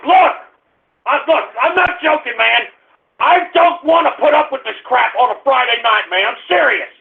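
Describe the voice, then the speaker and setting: Angry cursing male radio host, very high gravelly voice, tinny phone-like sound. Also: normal speed. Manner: angry, exasperated, cursing, shouting at listeners. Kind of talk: ranting at a live chat room.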